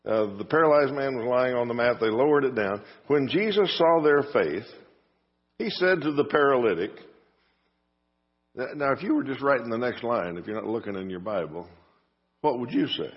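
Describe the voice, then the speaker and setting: A male pastor preaching in a church, telling the story casually with little jokes tucked in. His pitch rises and falls a lot, and the sound is slightly dull, with a long reverb from the hall. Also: expressive, moderate pace, husky. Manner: folksy storytelling with asides and dry humor. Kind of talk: sermon. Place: church sanctuary.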